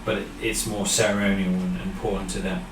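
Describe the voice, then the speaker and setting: A man narrating a tabletop game as game master, relaxed and halting, with many fillers. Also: low-pitched. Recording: echoey room, distant mic, background noise.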